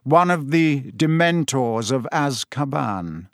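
A man reading aloud and voicing a calm, kindly male teacher who speaks in a measured, gently firm way. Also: medium pitch, no echo, clean studio sound.

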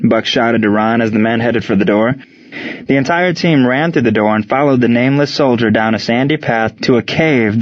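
Man narrating a story, measured. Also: mid-range voice. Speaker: audiobook narrator. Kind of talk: scripted narration. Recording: slightly dull lo-fi recording.

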